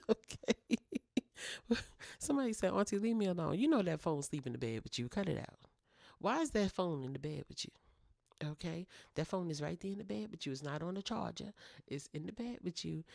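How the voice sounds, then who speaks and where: A woman's voice: low-pitched, vocal fry, a little mellow, no room sound, studio quality. A woman hosting a talk show for single mothers, giving casual, teasing advice and clowning around as she talks straight to her listeners. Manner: playful, teasing, clowning, with direct address. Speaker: podcast host.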